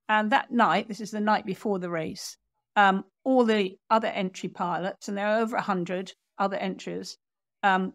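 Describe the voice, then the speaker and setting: Here a woman tells the history in a podcast interview as a guest author. She speaks at a middle pitch in a dry, close recording with no room sound, and she slips into the voices of the people in her story. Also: no echo. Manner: animated storyteller, acts out quotes.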